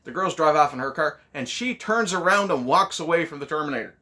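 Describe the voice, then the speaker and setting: A man's voice: a little high, animated, fairly quick, hardly any pauses, bright, forceful tone. A man hosting a casual movie review, ranting sarcastically with lots of swearing.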